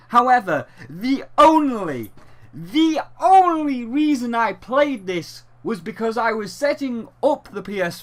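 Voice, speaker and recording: A man's voice: sits high, a bit bright. A man reviewing a video game in a sarcastic, exasperated way, with plenty of swearing.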